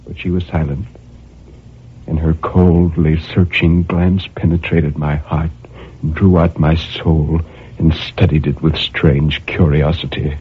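A man's voice: extremely low pitch, flat delivery, slow pace, slightly rough. A man reading a dramatic first-person story in a brooding manner, with impassioned outbursts. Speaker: narrator. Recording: tinny narrow-band recording.

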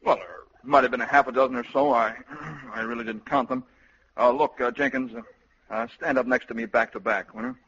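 Curt, scheming officer giving hushed orders, a man acting, bright tone, old radio comedy. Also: medium pitch, fairly even intonation, a little fast, a little hiss or hum, voice pushed down, close to an everyday voice. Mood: evasive. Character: scheming middle-aged male cavalry colonel, curt and sneaky. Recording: dull lo-fi old radio recording.

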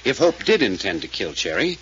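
An actor playing a brisk, determined male detective pressing a witness with questions, in 1940s radio acting. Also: lowish voice, sing-song, sharp tone, breathy edge, exaggerated voice. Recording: dull lo-fi old radio recording.

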